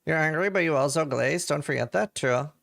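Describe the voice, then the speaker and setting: A man's voice: on the high side, a little fast, creaky, a bit bright. A man from England chatting casually with viewers on a live stream, joking around.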